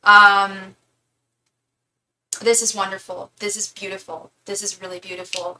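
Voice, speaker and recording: Woman tarot reader, bright tone, teary and emotional, stumbles over and repeats her words. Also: medium pitch, level tone, takes it slowly, slight background noise, poor audio. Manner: emotional, repeats and restarts words, warm affirmations. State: close to tears. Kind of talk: live-stream tarot reading.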